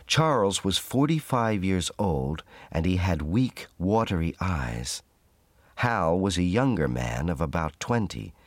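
A man reads a storybook slowly and clearly, as if for learners. His voice sits very low but moves with lively intonation, recorded dry and close. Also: no echo. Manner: measured, clear reading for learners. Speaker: narrator. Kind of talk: slow, simple storybook narration.

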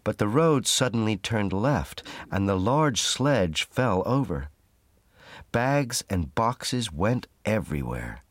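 A man reading a simple storybook aloud in a measured, clear narration for learners. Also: fairly low pitch, sing-song, no echo, studio quality.

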